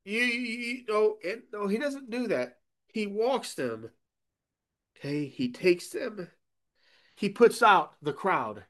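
Emphatic male pastor with a higher voice. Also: sing-song, takes it slowly, pauses often. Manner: emphatic, often checks in with the congregation; swings from loud emphasis to quiet asides. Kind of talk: sermon.

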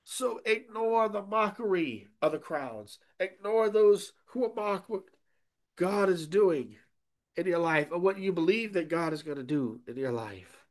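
A high, animated male voice, unhurried in delivery, belongs to a pastor giving a sermon. He's emphatic, checks in often with "okay?", and shifts between loud emphasis and quiet asides.

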